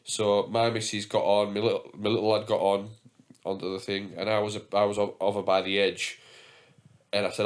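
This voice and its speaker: A man's voice: fairly low pitch, flat delivery, brisk. Chatty young man hosting a podcast. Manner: chatty, rambling storyteller with frequent fillers and swearing. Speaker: podcast host. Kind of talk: casual podcast chat.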